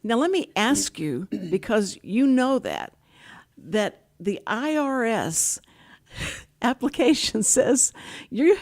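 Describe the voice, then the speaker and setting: A woman's voice: fairly high pitch, very animated, slow pace. Chatty older woman host. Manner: chatty, rambling storyteller with many restarts. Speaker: talk show host. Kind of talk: casual talk show interview.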